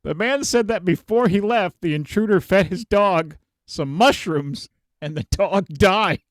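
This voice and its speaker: A male podcast host reading out police blotter headlines in a casual, animated way, laughing as he goes. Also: sits high, measured pace, dry recording, studio quality.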